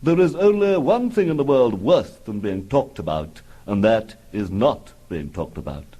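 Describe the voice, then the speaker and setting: A man's voice: fairly low pitch, animated, moderate pace, mellow, slightly rough. A man voicing an effete, languid Victorian playwright delivering an epigram.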